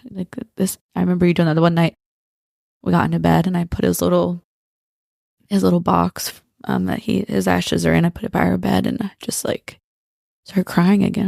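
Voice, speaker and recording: Woman, podcast co-host, low gravelly voice, flat pitch, earnest tender delivery. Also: a little fast, dry recording, clean studio sound. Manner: earnest, tender, speaking directly to listeners. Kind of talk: heartfelt faith-based talk.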